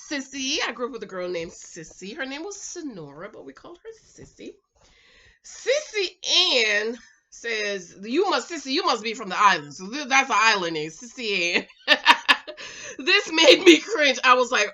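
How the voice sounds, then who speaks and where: A woman from the Caribbean islands talks casually to her viewers, loud and playful, her high voice swooping all over. Her tone is bright and sharp. The sound is dull and lo-fi, picked up by a camera with no microphone. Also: normal speed. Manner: animated, loud, laughs often, playful. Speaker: YouTube reality-show reviewer. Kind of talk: casual chat reading viewer comments. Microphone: camera mic, no microphone.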